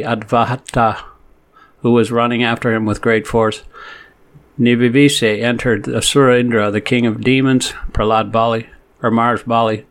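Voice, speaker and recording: Man slowly reading scripture with commentary. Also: mid-range voice. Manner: slow chanting of verses, then steady reading; halting, self-correcting reading. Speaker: scripture reader. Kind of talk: reading scripture verses with word meanings and commentary.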